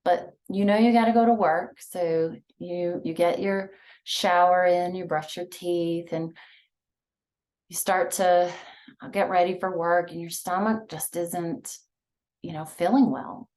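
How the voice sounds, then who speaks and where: A woman leading a guided breathing and visualization exercise, talking softly and soothingly with many pauses. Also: on the low side, steady tone. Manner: slow, soft, soothing guidance with many pauses. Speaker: mindfulness instructor.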